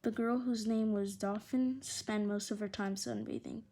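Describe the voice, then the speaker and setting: A woman reading a children's adventure novel aloud in an expressive, animated way. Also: medium pitch, moderate pace. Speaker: storyteller.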